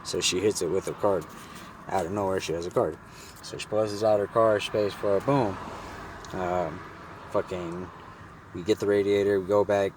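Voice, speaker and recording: Laid-back low-voiced man spinning a yarn. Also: steady tone, moderate pace, long pauses, background noise. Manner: laid-back, slangy and profane. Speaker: vlogger. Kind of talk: casual storytelling.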